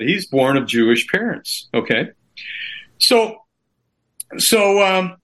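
A man's voice: a little high, bright, forceful tone. A middle-aged man from Canada, a guest author telling his story in a livestream interview, rambling and often repeating his words.

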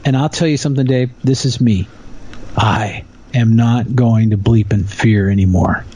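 Indignant, animated man on a podcast. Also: medium pitch, normal speed, slightly rough. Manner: animated and indignant, mocking voices in quotes. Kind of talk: casual conversational rant.

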